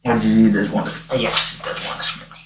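Cosplay Deadpool: a man as a rude, joking antihero, low-voiced, on a noisy, distant phone livestream. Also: flat delivery, fast talker, close to an everyday voice. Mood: playful. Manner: rambling, jokey, mock-begging. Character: irreverent wisecracking masked male antihero. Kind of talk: livestream chat in character. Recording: echoey room, far from mic, noisy.

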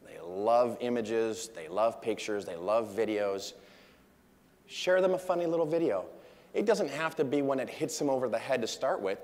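A man's voice: fairly low pitch, darkish tone. Chatty man speaking in a reverberant hall. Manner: chatty, jokey, acts out quotes. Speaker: conference speaker. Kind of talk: casual conference talk. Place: large conference hall.

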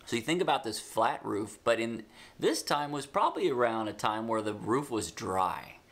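A man teaching a children's Bible lesson, retelling the story with animated emphasis and casual asides, slowing down when he dictates notes. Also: medium pitch.

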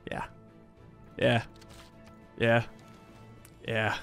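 A man's voice: medium pitch, steady tone, slow pace, gravelly, a bit bright, soft background music. A man casually commenting on his own strategy game as he plays, chatting wryly to himself and to the characters in the game. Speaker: streamer. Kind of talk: live gameplay commentary.

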